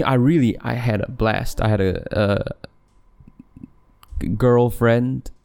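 A man's voice: medium pitch, slow, gravelly, darkish tone. A young man from Malaysia hosting a podcast, talking casually and rambling, with frequent restarts and laughs. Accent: neutral English with a light Malaysian tinge. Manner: rambling, self-interrupting, laughs often. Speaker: podcast host. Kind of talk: casual solo podcast monologue.

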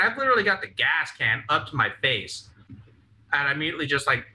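Young male podcaster, bright edgy voice, swears and laughs through his stories. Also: medium pitch, fast, rough recording. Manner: crude, laughing, animated storyteller. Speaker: podcast co-host. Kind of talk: casual storytelling chat.

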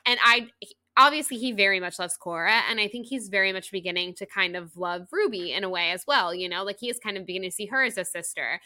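A woman co-hosting a podcast, talking casually and at length about a book, with lots of fillers and a rambling, animated delivery. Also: medium pitch, quick pace, no room sound. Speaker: podcast co-host.

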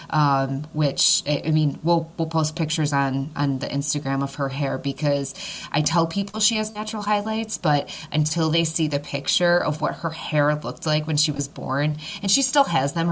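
A woman's voice: sits low, slight background noise. A woman co-hosting a podcast, chatting casually about motherhood with many fillers. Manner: talkative, with many fillers and laughs. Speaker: podcast co-host. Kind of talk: casual chat.

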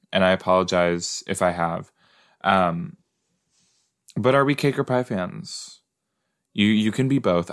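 Young male podcast host, deep and unhurried, rambling, jokey watch-along chatter. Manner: chatty, rambling, easily startled, playful asides. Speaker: podcast host reacting to an episode. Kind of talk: casual watch-along commentary.

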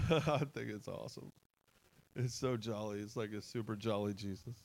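A man preaching a sermon in a church, impassioned and excitable, laughing as he goes. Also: on the low side, moderate pace, vocal fry, poor audio. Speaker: pastor.

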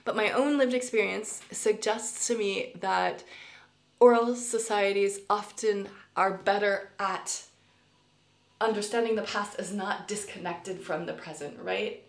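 A middle-aged woman professor speaks to her class in a relaxed recorded lecture, thinking aloud with fillers and self-corrections. Her voice sits at an ordinary middle pitch. The recording has a roomy echo. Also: measured pace, vocal fry. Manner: thoughtful, conversational, with many fillers and self-corrections. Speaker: college professor. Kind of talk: recorded lecture podcast for students.

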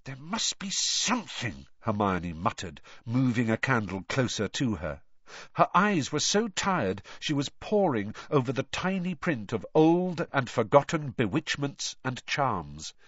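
A man reading a novel aloud with expressive storytelling. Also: medium pitch, unhurried, dry recording, highs cut off. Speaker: audiobook reader. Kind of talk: scripted narration.

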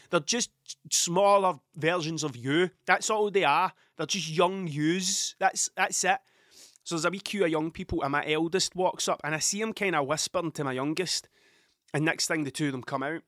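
A man's voice: fairly high pitch, bright, forceful tone, no echo. A man with a Scottish accent in his thirties, telling a rambling, sweary story on his podcast into a close microphone. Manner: sweary, rambling, with frequent restarts. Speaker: podcast host. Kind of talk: casual storytelling monologue.

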